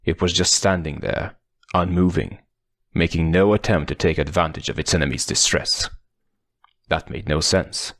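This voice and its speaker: Casting: male audiobook narrator, deep and gravelly, measured dramatic pacing. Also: a bit bright, no room sound, studio quality. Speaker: audiobook reader.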